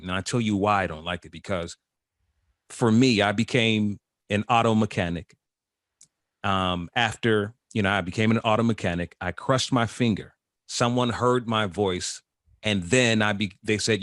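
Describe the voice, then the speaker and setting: A man in his fifties from Chicago, a veteran radio host telling his story as an interview guest, animated and expressive. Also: on the low side, a little fast, no room sound, clean studio sound. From Chicago, USA. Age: 50s. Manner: animated storyteller, voice jumps up when excited.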